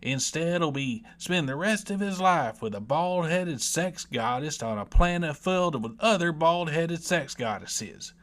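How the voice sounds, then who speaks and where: Folksy Southern man, bright voice. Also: on the high side, lively intonation, measured pace, hardly any pauses. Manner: rambling, irreverent, folksy. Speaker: book reviewer. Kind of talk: comedic storytelling.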